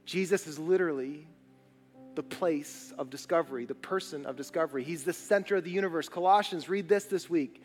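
High-voiced preaching man in reverberant church. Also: fairly quick, faint music behind. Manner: preaching with rising intensity and emphatic repetition. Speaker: pastor. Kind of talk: sermon. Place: church sanctuary.

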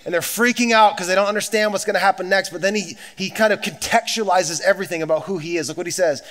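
Man, pastor preaching a sermon, somewhat high voice, emphatic, repeats lines, chatty asides to the congregation. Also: fast, fairly bright tone.

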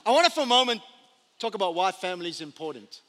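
A man preaching a sermon as pastor, telling the story with animated energy and humorous asides. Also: sits high, fast, slight background noise. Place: church sanctuary. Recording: long church hall reverb.

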